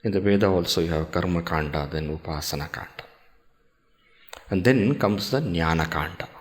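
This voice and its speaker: A man giving a scripture discourse, explaining slowly and carefully, reciting Sanskrit verses and posing questions to his listeners. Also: low-pitched. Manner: slow, measured explaining with pauses and rhetorical questions. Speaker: swami teaching scripture.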